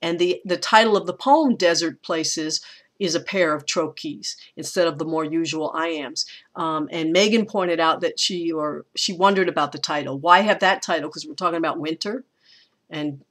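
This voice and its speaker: A college English teacher giving an informal recorded lecture on meter, reading lines of verse slowly and pressing on the stressed syllables. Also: medium pitch, fairly bright tone. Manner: informal, thinks aloud with small restarts.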